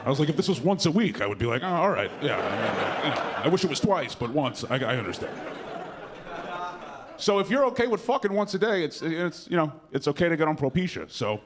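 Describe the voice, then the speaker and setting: A man's voice: a little high, very animated, brisk, over a noisy crowd. A young man performing a stand-up comedy set in a comedy club, rambling and profane with lots of fillers and self-mockery. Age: young adult.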